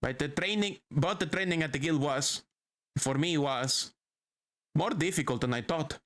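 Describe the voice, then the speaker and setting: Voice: medium pitch, normal speed, fairly bright tone. A streamer chatting playfully while reading game text aloud during a livestream. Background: game music.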